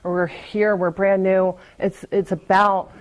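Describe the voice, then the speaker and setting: At a meeting, a woman AA speaker gives a candid, conversational talk about her recovery. Her mid-range voice is unhurried with little pitch movement, the audio is poor, and she often restarts, repeats words, and laughs lightly between thoughts.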